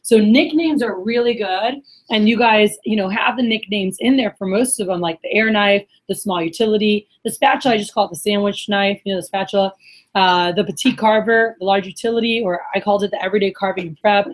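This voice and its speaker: A young sales trainer, female, runs a workshop for a group in a meeting room, talking briskly in a mid-range voice on a low-quality recording. She keeps things chatty and high-energy, testing the room with questions and acting out customer reactions.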